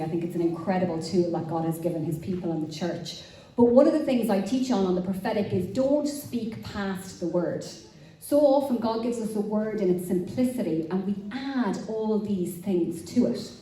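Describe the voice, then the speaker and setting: A woman delivers a sermon with frank, self-deprecating stories. Her voice is mellow and warm. She sounds a little distant from the mic, with heavy church-hall echo and faint room noise behind her. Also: mid-range voice. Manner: candid, self-deprecating storytelling. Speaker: pastor. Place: church auditorium.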